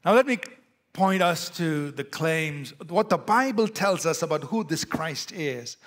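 High-voiced preaching man, Indian accent. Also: expressive, unhurried, a bit bright. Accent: Indian English. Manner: emphatic preaching with rising and falling delivery. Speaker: pastor. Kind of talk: sermon. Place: church.

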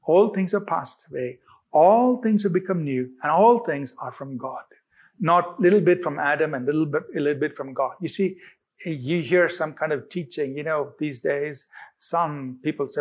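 Emphatic husky male preacher. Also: a little high. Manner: emphatic, repeating phrases with drawn-out stresses. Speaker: pastor. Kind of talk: sermon.

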